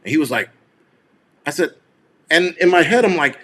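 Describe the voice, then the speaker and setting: A man's voice: medium pitch, animated, brisk, pauses often, fairly bright tone. A man in an ordinary middle register hosts a live stream, telling a story in a heated, profane, rambling way. He restarts sentences and swears constantly as he works himself up. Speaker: show host.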